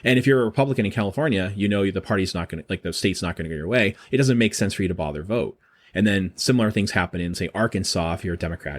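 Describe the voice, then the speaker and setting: A middle-aged man, a professor being interviewed, explaining in a quick, animated way with frequent restarts. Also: sits low. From Boston. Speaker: guest professor. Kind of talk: casual interview talk.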